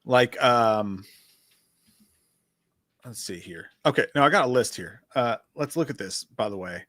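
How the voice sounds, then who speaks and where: A man co-hosting a casual livestream discussion, talking in an animated, profane, rambling way as he reads through a list. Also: mid-range voice, unhurried, no echo, clean studio sound. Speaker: podcast co-host.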